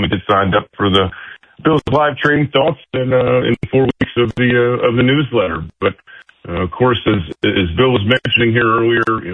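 A man co-hosting a financial radio show, talking in a halting way with many fillers and restarts. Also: on the low side, dry recording, highs cut off.

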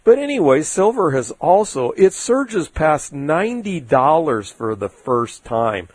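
A man's voice: a little high, very animated, measured pace, slightly rough, no room sound. A man hosting an investment talk show, giving casual market commentary in a rambling, folksy way with many fillers.

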